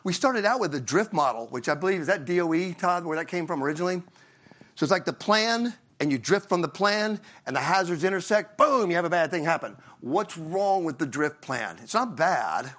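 A man's voice: fairly high pitch, a bit bright. A middle-aged man from Tennessee giving a conference talk in a conversational way, often asking the audience questions and tagging lines with "right?". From Southern US, Tennessee. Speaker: conference speaker.

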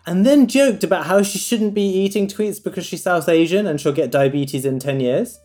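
A man's voice: sits high, moderate pace, a little mellow. A man, a doctor, chatting casually and reflectively with many filler words. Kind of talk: casual podcast chat.

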